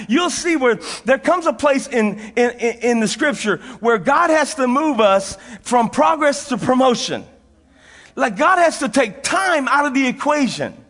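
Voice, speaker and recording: Male pastor, middle-aged, very high voice, folksy sermon, laughs often, long hall reverb. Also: a bit bright. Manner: folksy storytelling, laughing often, repeating phrases for emphasis.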